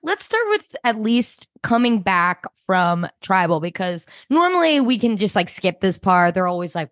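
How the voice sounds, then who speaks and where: A woman's voice: medium pitch, big pitch swings, normal speed, few pauses, no room sound, studio quality. A woman co-hosting a podcast in casual chat, swearing freely and acting out people's lines in mock voices. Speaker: podcast co-host.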